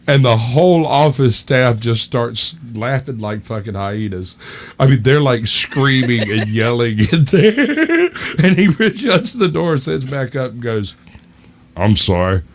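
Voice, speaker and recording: A man's voice: mid-range voice, lively intonation, a little slow, a little hiss or hum. A man telling a long, profane story in a casual chat, often breaking into laughter. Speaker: podcast co-host.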